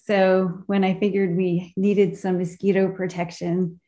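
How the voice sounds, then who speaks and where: A woman sharing a heartfelt personal memory at a memorial gathering, pausing often to search for her words, heard over a video call. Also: fairly low pitch, level tone, mellow.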